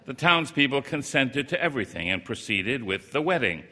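A man's voice: medium pitch, big pitch swings, normal speed, sharp tone. A man reading a first-person story aloud in a plain, wry, rueful storytelling manner.

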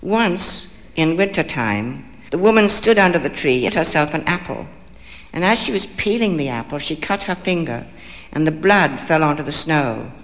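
A man's voice: fairly high pitch, expressive, normal speed, a bit bright. Male storyteller in a reverberant hall. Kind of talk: fairy-tale reading aloud.

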